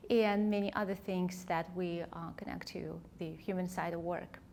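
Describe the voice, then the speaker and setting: Slow, reflective woman coach. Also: lowish voice, steady tone, vocal fry, darkish tone, slight background noise. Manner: thoughtful, heartfelt, searching for words. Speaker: leadership coach and author, interview guest. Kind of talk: reflective conversational interview.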